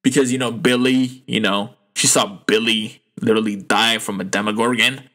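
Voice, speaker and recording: A man hosting a casual solo podcast, rambling loosely with lots of fillers, restarts and swearing, and getting animated when he is indignant. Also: on the low side, moderate pace. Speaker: podcast host.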